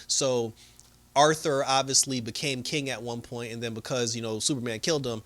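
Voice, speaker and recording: A man giving a casual, animated movie review, retelling scenes loosely with lots of "you know" and "like" and frequent laughter. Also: mid-range voice, moderate pace. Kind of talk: casual spoiler review chat.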